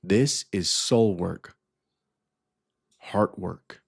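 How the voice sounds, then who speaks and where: A man hosting a podcast, leading listeners through a guided affirmation ritual with slow, emphatic repetition. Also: deep voice, vocal fry, breathy edge, no room sound, studio quality. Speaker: podcast host.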